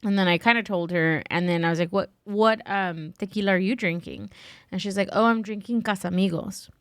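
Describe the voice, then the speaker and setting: Woman podcast guest, chatty storyteller, dry close sound, quotes people with lively voices. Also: medium pitch, fairly quick, clear, resonant tone, dry recording. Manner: says "like" and "right?" a lot. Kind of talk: casual chat.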